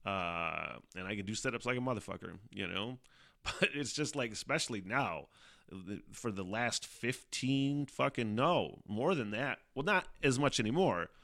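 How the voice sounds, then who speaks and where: A man's voice: medium pitch, animated, normal speed, gravelly, fairly bright tone. A middle-aged man hosting a podcast, rambling casually, swearing a lot and laughing often. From Northern Michigan. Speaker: podcast host. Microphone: studio microphone.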